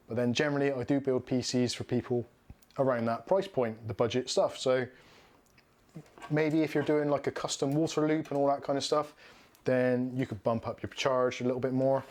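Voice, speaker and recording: A man's voice: medium pitch, a little mellow. A man, hosting a casual livestream while building a computer. He talks frankly, in a chatty way, and laughs often. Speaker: streamer building a PC.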